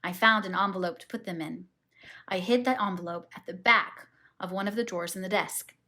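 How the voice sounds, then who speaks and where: A woman reading a classic novel aloud as an audiobook, in a steady, measured manner. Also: lowish voice. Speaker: audiobook reader. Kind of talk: audiobook narration.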